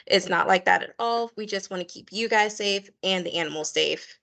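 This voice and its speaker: A woman's voice: lowish voice, normal speed, vocal fry, hardly any pauses, fairly bright tone. A woman coordinating volunteers, giving a friendly online meeting briefing with lots of fillers and repeated pleas. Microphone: video call.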